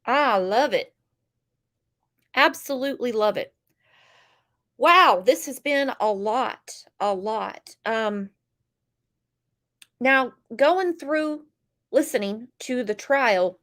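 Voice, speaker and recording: A woman's voice: on the high side, expressive, very slow, long pauses, a bit bright. Congested woman hosting a chatty livestream. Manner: chatty, greets viewers by name, opinionated. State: stuffed up, congested. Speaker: true crime livestream host. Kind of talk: casual livestream chat.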